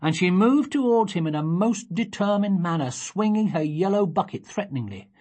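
Low, husky woman reading a storybook. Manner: expressive, gently measured. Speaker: reader. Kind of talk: storybook read-aloud.

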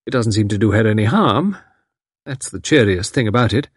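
A man voicing a calm, competent middle-aged woman who talks cheerfully and comfortably. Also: lowish voice, brisk, slightly rough, no echo, studio quality. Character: calm competent matron of about fifty.

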